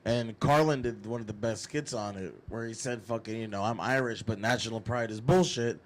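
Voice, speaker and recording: A man talks in loose, profane podcast chat, heated and rambling. His voice sits at an ordinary middle pitch. A faint hiss sits under the recording. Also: fairly quick. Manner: profane, animated, slips into mock mobster voices. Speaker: podcast host. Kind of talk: casual chat.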